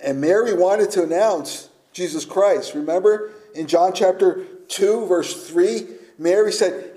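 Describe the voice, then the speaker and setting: A man preaching a sermon, emphatic, shifting between loud declarations and hushed, almost whispered lines. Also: high-pitched, a little slow. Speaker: pastor.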